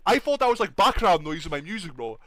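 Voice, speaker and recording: Man, high pitch, animated storytelling, repetitive filler tags, excitable. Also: quick pace. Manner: excitable, repeats filler tags like bro and you understand. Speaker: storyteller in a played clip. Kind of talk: animated anecdote telling.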